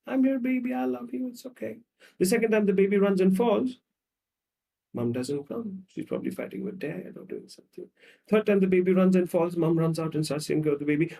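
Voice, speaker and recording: Man with a warm, mellow voice. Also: high-pitched, far from the mic. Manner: animated storytelling with repetitive lists. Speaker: psychologist. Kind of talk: explaining with acted examples.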